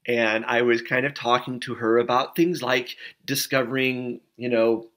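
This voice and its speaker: A man's voice: medium pitch, steady tone, unhurried, fairly bright tone. A middle-aged man, a pastor, giving an informal sermon as a story with many fillers and restarts. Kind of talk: conversational sermon.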